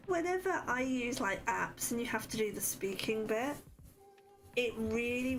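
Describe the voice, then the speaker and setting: Woman, Wiltshire accent, relaxed crafting-stream chatter with soft background music. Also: medium pitch. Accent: Wiltshire English. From Wiltshire, England. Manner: chatty, self-deprecating, reads out chat messages. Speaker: card-making streamer. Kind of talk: casual chat while crafting.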